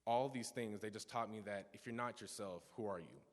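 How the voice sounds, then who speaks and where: Speaking fairly quickly in a fairly low voice, this young man in his teens shares a heartfelt testimony at a church service, often restarting and going off on asides as he tells his stories. Long reverb fills the sanctuary.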